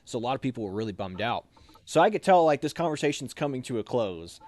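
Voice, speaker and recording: A young man telling army stories in a casual chat, animated and laughing as he acts out lines. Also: medium pitch, quick pace.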